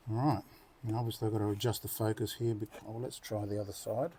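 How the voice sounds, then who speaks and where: A man's voice: fairly low pitch, flat delivery, fast talker, dark tone, a little hiss or hum. A man hosting a knife sharpening video, chatting casually and muttering to himself as he works. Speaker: knife sharpening channel host. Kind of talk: casual hands-on demonstration.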